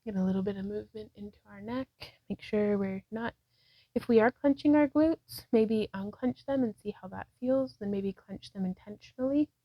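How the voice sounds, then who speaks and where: A medium-pitched female voice at normal speed guides a yoga practice, cueing breaths and poses indoors at home by a wall. She sometimes gets out of breath, laughs at herself, and chats in a relaxed way between cues and self-talk. The audio is dry and dull.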